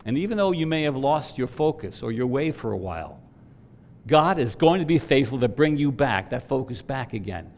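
A man preaching a sermon, swelling to loud emphatic peaks and dropping to quiet asides. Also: medium pitch, very animated, moderate pace. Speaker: pastor.

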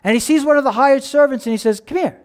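A man's voice: very high voice, quick pace. A man preaching a sermon, telling a story animatedly and asking the congregation questions. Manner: animated storytelling, acting out characters' lines. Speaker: pastor.

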